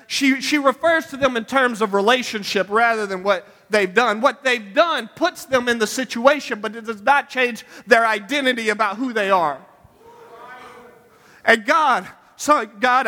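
A man preaching a sermon in a church, building from quiet reflection to shouted, pleading prayer. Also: very high-pitched, moderate pace, big-room sound. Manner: impassioned, rising to shouted pleading.

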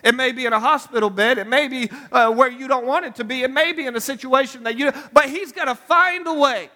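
Male preacher, sermon, impassioned, shouts, very bright tone. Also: very high-pitched, fairly quick, long reverb tail. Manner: impassioned, rising to shouted pleading.

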